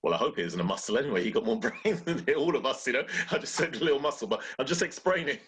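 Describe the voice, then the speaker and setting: Animated husky man giving a pep talk. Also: mid-range voice, fast talker. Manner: animated, acts out inner voices. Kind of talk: casual motivational talk.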